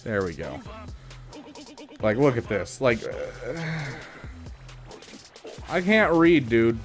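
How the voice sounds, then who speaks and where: A man's voice: mid-range voice, sing-song, takes it slowly, faint music behind. A man casually commenting on a live stream, thinking aloud with frequent fillers. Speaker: streamer reviewing game accounts.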